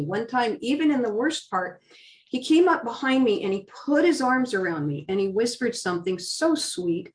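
A middle-aged woman giving an interview guest's emotional testimony, earnest and fervent, her voice rising high with feeling and then falling quiet. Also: recorded from a distance.

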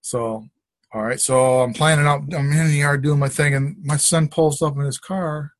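A man's voice: on the high side, fairly even intonation, moderate pace, no room sound. A middle-aged man sharing a personal faith testimony in a casual, rambling way, with restarts and asides, on a conference call. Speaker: testimony sharer.

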